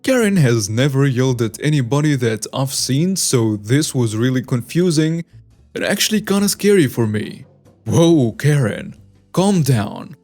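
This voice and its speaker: A man narrating scripted online stories in an animated storytelling manner, reading lists item by item. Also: medium pitch, normal speed, faint music behind.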